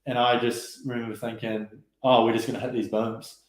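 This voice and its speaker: A man talks in a relaxed, chatty way, spinning stories with frequent fillers and quoted asides. His voice sits at a middling pitch. The recording carries a roomy echo. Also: a little fast. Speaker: guest rower. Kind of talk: casual interview storytelling.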